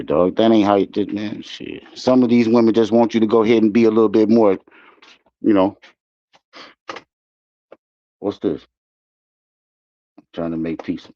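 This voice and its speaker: As a guest on a livestream show, a man tells loose, profane, rambling stories in casual chat. His voice is on the low side and a little mellow, and the recording is dry and muffled.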